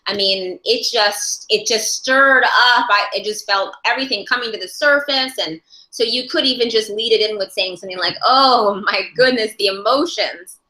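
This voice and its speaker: A woman with a bright, slightly high voice leads a class, thinking aloud and often restarting her sentences. The room is echoey. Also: moderate pace, hardly any pauses. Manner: thoughtful, searching for words, many restarts. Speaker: ASL interpreting instructor. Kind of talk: teaching a live class.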